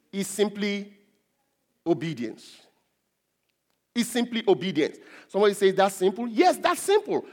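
A male pastor preaching a sermon, emphatic, repeating and stressing key words. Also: sits high. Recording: long hall reverb.

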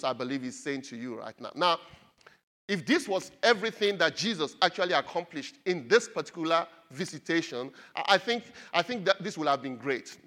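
A man's voice: on the high side, bright, forceful tone. A male pastor preaching a sermon, speaking emphatically and repeating key phrases for his congregation to take in.

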